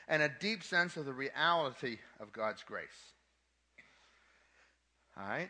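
A man's voice: a little high, sharp tone. A man preaching a sermon to a young adult ministry, emphatic, with casual asides, and repeating his key points twice.

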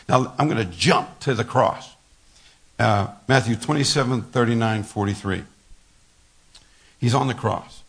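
A man's voice: on the low side, creaky, breathy edge. An older man, a pastor, giving a folksy sermon full of stories, laughter and repeated words. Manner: folksy storytelling with laughter and repetitions.

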